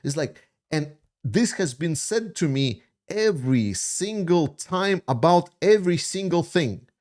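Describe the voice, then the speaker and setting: A man's voice: fairly high pitch, lively intonation, measured pace, darkish tone. A man hosting a livestream, answering viewer questions in a blunt, opinionated way with many fillers. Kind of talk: casual livestream chat.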